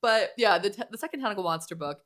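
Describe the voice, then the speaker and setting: A woman's voice: medium pitch, fast talker. Giggly young woman podcast co-host. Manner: giggly, animated retelling with many "like"s. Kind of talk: casual chat.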